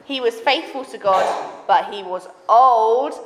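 A woman leading a children's session, teaching hand signs and reading a story to the kids in an animated, teacherly way. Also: on the high side, measured pace. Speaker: children's ministry leader. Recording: echoey hall with faint background noise.

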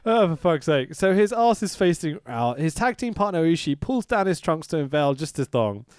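Animated, laughing man podcaster. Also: fairly high pitch, moderate pace, clean tone, dry recording, clean studio sound. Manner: animated, laughing, swearing freely. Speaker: podcast co-host. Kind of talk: casual wrestling podcast chat. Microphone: podcast mic.

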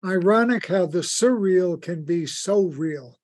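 A male podcast host speaks slowly and earnestly. He affirms his guest in a measured way. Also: sits high, animated, darkish tone. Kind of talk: conversational interview.

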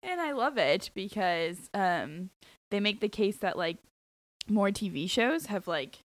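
A chatty woman co-hosting a podcast, often breaking into giggles as she talks. Her voice sits in a middle pitch and sounds dry and close, with no room around it. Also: lively intonation, no room sound. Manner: giggly, chatty, quick bursts of laughter. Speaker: podcast co-host. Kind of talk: casual chat.

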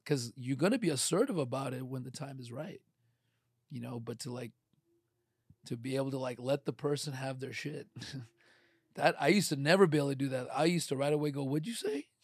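A middle-aged man in casual podcast chat, animated and acting out quoted voices. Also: medium pitch, brisk, pauses often, husky, no echo, clean studio sound.

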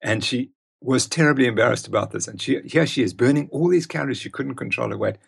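A man's voice: medium pitch, quick pace, gravelly, breathy edge. An older man, a guest expert telling stories emphatically in a conversational interview. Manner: emphatic, storytelling.

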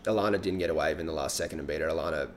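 A man chatting casually about competition surfing, relaxed and rambling, with frequent restarts. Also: rumbling low, racing, a little hiss or hum. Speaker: surf analyst guest. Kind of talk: casual podcast chat.

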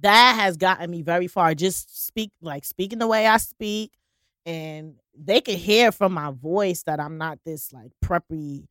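A young woman with a lowish voice chats on a podcast, frank and emphatic. She tells stories and acts out her own lines. The recording is close and dry. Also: measured pace, fairly bright tone, no room sound. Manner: frank, emphatic storyteller who quotes herself. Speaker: podcast co-host. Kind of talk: casual chat.

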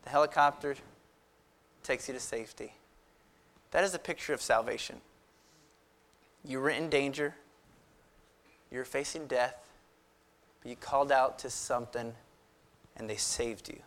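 A man's voice: mid-range voice, measured pace, pauses often. A young man preaching to a youth group, quizzing the room, joking and building the story up dramatically. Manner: lively, asks the room, jokes and builds drama. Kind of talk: youth sermon with audience questions.

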